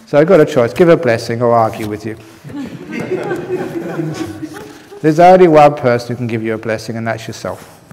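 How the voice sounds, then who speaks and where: A man's voice: medium pitch, expressive, quick pace, darkish tone, in a large hall. A man teaching at a meditation retreat, answering questions in a humorous, playful way and laughing often. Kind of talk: dharma talk answering questions. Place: retreat hall with long reverb.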